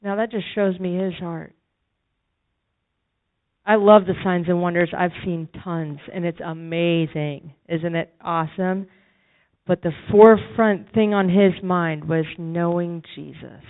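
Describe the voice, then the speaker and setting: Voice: medium pitch, fairly even intonation, normal speed, narrow, tinny audio. A preacher giving a sermon testimony, telling a story with emphatic repetition.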